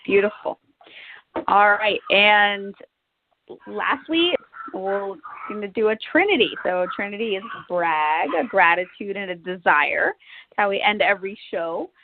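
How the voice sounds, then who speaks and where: A woman's voice: mid-range voice, expressive, a little slow. A woman hosting a podcast interview, effusive and encouraging with the guest. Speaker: podcast host. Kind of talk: upbeat interview chat. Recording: tinny phone-line sound, faint noise.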